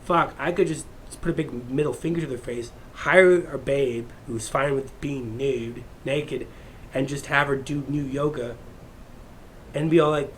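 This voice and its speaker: A man's voice: mid-range voice, steady tone, unhurried, slight background noise. A man ranting in a crude, heated, rambling monologue as a vlogger.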